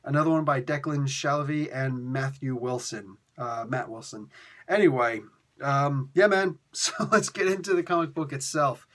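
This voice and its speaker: A man's voice: medium pitch, moderate pace, a bit bright. A man giving a casual, rambling comic book review, full of fillers, restarts and exasperated asides.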